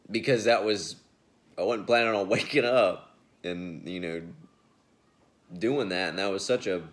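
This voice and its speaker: A man with a somewhat low voice hosts his own show and tells a long story in a loose, conversational way. He laughs often and trips over his own sentences, restarting them as he goes. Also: fairly bright tone. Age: adult. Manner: chatty and rambling, laughs often, frequent restarts. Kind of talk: casual storytelling monologue.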